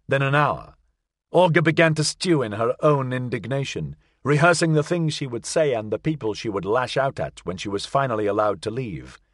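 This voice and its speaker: A man narrating an audiobook in a measured storytelling manner. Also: medium pitch, no echo, clean studio sound.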